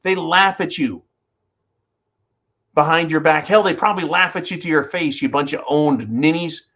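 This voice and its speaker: A man hosting his own channel, delivering a profane, sarcastic political rant with sudden jumps in pitch and volume. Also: fairly quick. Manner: loud swings in pitch and volume. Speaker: channel host.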